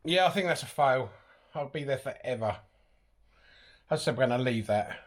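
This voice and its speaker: A man's voice: medium pitch, lively intonation, normal speed, slight background noise. A man in a casual DIY vlog, talking matter-of-factly and poking fun at his own struggles while stripping out the inside of a van. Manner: matter-of-fact, self-deprecating about struggles. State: out of breath. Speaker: van converter.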